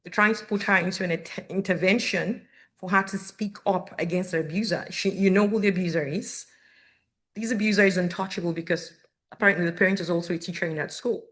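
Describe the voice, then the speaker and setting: Brisk and fairly bright in tone, her voice runs on the low side with fairly even intonation. She is a Canadian woman in her thirties, a parent telling a community forum audience her earnest, candid story, complete with quoted lines.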